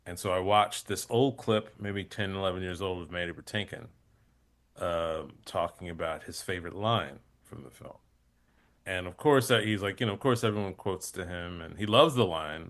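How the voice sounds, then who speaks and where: A man appearing as a guest comedian on a podcast, telling stories in a rambling, animated way with many fillers. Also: low-pitched, moderate pace. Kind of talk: casual chat.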